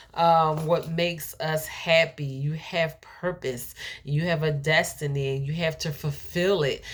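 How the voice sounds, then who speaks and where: A woman delivering an earnest, emotional faith-based motivational talk to her viewers. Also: sits low. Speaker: motivational speaker.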